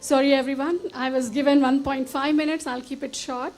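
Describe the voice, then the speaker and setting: A woman's voice: sits high, little pitch movement, fairly quick, darkish tone, faint music behind, poor audio. A woman from India giving a formal, earnest acceptance speech on an auditorium stage, speaking with gratitude and some emotion into a podium mic. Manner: earnest, grateful, slightly emotional.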